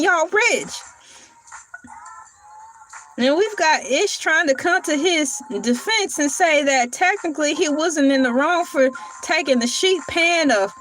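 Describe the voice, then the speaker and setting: Sassy high-voiced woman reacting. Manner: sassy, animated, teasing with exaggerated questions. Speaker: podcast reaction commentator. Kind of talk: casual reaction commentary.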